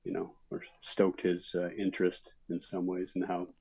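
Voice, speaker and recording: A middle-aged man from Minnesota, a guest actor, telling stories in a relaxed interview chat with many fillers. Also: low voice, normal speed, breathy edge, no room sound, rough recording.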